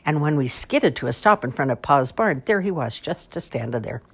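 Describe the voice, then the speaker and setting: A woman's voice: low-pitched, moderate pace, creaky, slightly rough, full character voice. A woman doing a boastful old great-aunt. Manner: boastful, folksy, building excitement. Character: boastful elderly great-aunt, a crowing storyteller.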